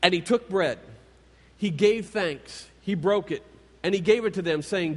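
Male preacher, sermon, animated storytelling, high voice, long hall reverb. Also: unhurried. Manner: storytelling, animated retelling of scripture.

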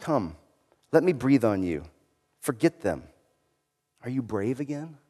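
Guy reading a wise gentle lion, slow and solemn, soft, big hall echo. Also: medium pitch, sing-song.

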